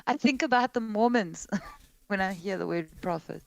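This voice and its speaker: A woman's voice: medium pitch, normal speed, creaky, dry recording, poor audio. A woman chatting casually and frankly, in a playful manner. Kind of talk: casual chat.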